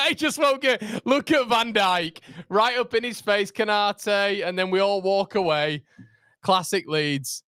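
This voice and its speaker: Lad hosting a footy watchalong, high voice, dead dry recording, gets loud fast. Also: male voice, clear, resonant tone, no echo. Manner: excitable, swings from groans to shouting. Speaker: fan channel host. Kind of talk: live match watchalong reaction.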